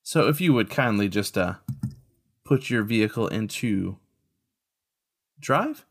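A man puts on a stern small-town policewoman who drawls her words with mock courtesy and an edge of menace. The voice sits low but swings widely in pitch. It is the officer of a tabletop role-play. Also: animated, slow pace, heavily acted. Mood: stern, drawling. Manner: drawling, formally polite, menacing.

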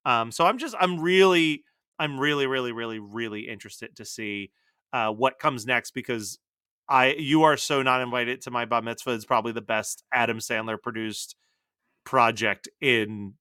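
A man co-hosting a podcast in casual pop culture chat, animated and full of "like" fillers. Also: mid-range voice, normal speed, clear, resonant tone, no echo, studio quality. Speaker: podcast co-host.

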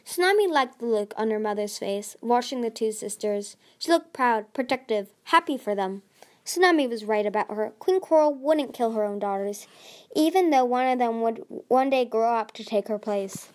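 Woman reading a dragon book out loud, kinda high voice, trips on words sometimes. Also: expressive, normal speed. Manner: reads with small slips and restarts. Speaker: audiobook reader. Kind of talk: storybook narration.

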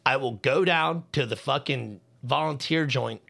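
A man's voice: medium pitch, unhurried, vocal fry, a bit bright. A man co-hosting a casual podcast, telling a story in a heated, profane rant while worked up and hot under the collar. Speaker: podcast co-host.

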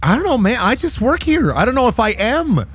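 A man's voice: very high-pitched, very animated, a little fast, a bit bright, breathy edge, voice pushed up, exaggerated voice. A man voicing a weary childlike arbiter in a tabletop game, hesitant, stammering and fed up with its task. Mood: dismissive. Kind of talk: tabletop role-play voicing.

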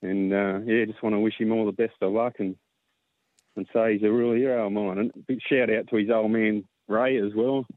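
An Australian man calling in to a radio show, chatting casually and warmly, sometimes getting emotional. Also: fairly low pitch, fairly even intonation, a little fast, dry recording. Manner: heartfelt, gets emotional. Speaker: caller. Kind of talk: casual phone-in chat. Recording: tinny phone line.

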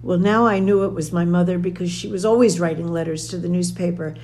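A woman's voice: lowish voice, steady tone, fast, darkish tone. An older woman telling a personal family story in a conversational way. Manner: conversational, quotes dialogue as she tells it. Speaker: storyteller recounting a family memory.

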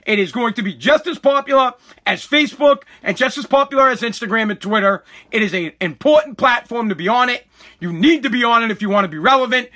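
A man's voice: extremely high pitch, pushed and bright. A man hosting a solo podcast, ranting in a profane, agitated way and stammering often. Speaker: podcast host.

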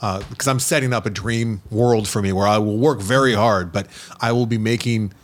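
Middle-aged guy with a lowish voice, rambling film podcast chat, lots of restarts. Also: normal speed. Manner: rambling, many restarts and fillers. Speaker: podcast co-host. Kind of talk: casual chat.

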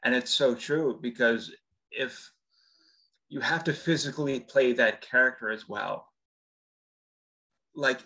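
A man's voice: medium pitch, pushed and bright, poor audio. Earnest male voice actor guest. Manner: thoughtful, earnest explaining. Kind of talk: casual interview chat.

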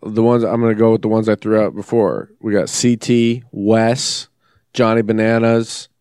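A man reading out his comedy script's stage directions in a deadpan way, as a podcast guest. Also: fairly low pitch, normal speed, clear, resonant tone, no echo, clean studio sound.

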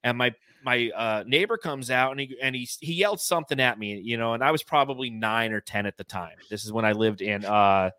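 A man's voice: medium pitch, a little fast, few pauses, pushed and bright, no echo. A man in his thirties from California, hosting a podcast and telling rambling, self-mocking childhood stories full of fillers. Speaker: podcast host. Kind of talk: casual storytelling chat.

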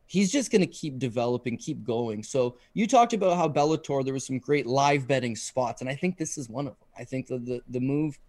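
A man co-hosting a casual podcast, giving emphatic, quick breakdowns of fights and betting picks. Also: mid-range voice, lively intonation, a little mellow, no room sound. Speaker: co-host, fight analyst.

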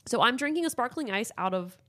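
A woman's voice: on the high side, animated, fast, sharp tone. A woman co-hosting a casual podcast with her sister, talking in a rambling, filler-heavy way. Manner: rambling, filler-heavy, laughs through tears. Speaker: podcast co-host. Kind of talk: casual chat.

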